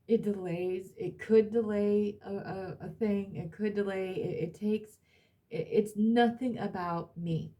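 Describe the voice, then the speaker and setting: A woman's voice: medium pitch, fairly even intonation, slow pace, dark tone. A woman reading tarot cards for her audience, emphatic and blunt, repeating herself and swearing now and then. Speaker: tarot reader.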